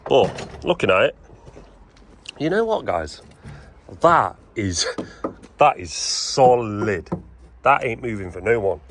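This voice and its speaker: A man's voice: lowish voice, sing-song, unhurried, pauses often, a bit bright, a little hiss or hum. A man chatting casually to camera outdoors on a building site, often calling his viewers "guys". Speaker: vlogger and builder. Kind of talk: casual vlog talk to camera.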